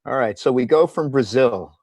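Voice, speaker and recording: A man's voice: medium pitch, expressive, moderate pace, a little mellow, dry recording. A man hosting an interview who asks casual, prompting questions. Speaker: host.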